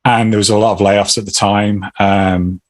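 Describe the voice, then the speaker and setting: A man's voice: lowish voice, flat delivery, moderate pace. A middle-aged man answering interview questions in a hesitant, rambling way with many restarts. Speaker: podcast guest.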